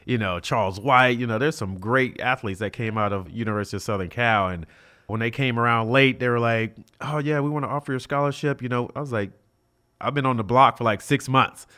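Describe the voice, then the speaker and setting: Middle-aged man telling lively stories. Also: mid-range voice, a little fast. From South Central Los Angeles. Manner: animated, acts out quoted dialogue, many fillers like "you know". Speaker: guest, former college football player. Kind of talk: storytelling in a casual interview.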